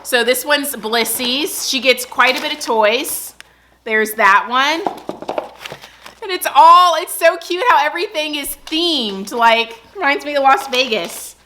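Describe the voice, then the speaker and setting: A woman's voice: a little high, measured pace, pushed and bright, slight background noise. A young woman vlogging at home, chatting casually in an upbeat way as she narrates her pantry clean-out and opens a box of dog toys. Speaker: lifestyle vlogger.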